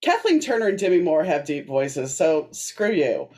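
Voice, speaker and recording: Woman host, deep husky voice, easygoing and rambling, casual chat. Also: big pitch swings, normal speed, a little mellow. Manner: chatty and rambling, with fillers. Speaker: podcast host.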